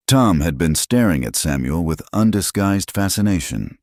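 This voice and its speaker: A man narrating a western story in slow, measured scripted narration. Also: deep voice, big pitch swings, a little mellow, no room sound, studio quality.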